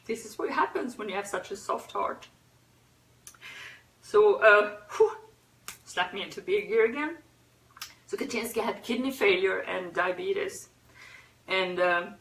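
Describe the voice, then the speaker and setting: A woman hosting a pet memorial livestream, talking unscripted in a teary, soft-hearted way with sighs and pauses. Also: lowish voice. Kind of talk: unscripted emotional talk. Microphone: phone or webcam. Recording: roomy echo, a bit far from the mic.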